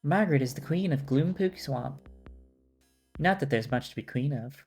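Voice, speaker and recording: A man's voice: mid-range voice, expressive, normal speed, a little mellow, soft background music, lightly acted. A man voicing a polite, formal female ghost who serves a castle. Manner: formal and courteous.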